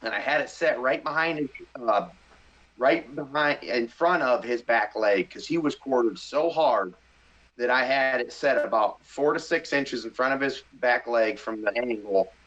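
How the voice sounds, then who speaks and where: A middle-aged man guesting on a podcast tells an animated, excitable story in casual talk, dramatizing what he was thinking. His voice sits in the mid range, his pace is moderate, and the sound is lo-fi.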